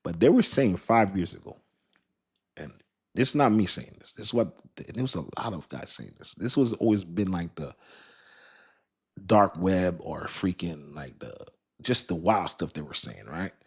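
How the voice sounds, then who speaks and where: A man with a fairly low voice talks straight to his viewers about crypto markets. He rambles in a loose, slangy way, restarts his sentences and laughs often. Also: expressive, moderate pace, breathy edge. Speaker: crypto video host. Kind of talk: casual talk to camera.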